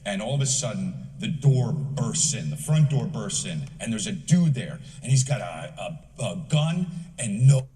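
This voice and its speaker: A man's voice: fairly low pitch, animated, unhurried, hardly any pauses, warm tone, long reverb tail, far from the mic. A male stand-up comedian telling a story in a rambling, emphatic way, full of filler likes.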